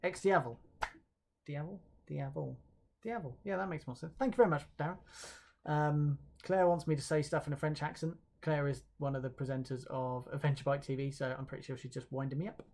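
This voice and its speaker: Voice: mid-range voice, little pitch movement, fast, mellow. Chatty, hesitant awards presenter. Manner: chatty and hesitant, with many fillers and self-corrections; light self-mocking humor. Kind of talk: live-streamed awards announcement, reading viewer comments.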